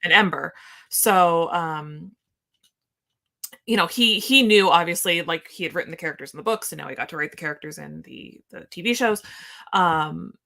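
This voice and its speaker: A woman co-hosting a podcast in casual chat, excitable and gushing, rambling with lots of fillers. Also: fairly low pitch, moderate pace, vocal fry. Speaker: podcast co-host.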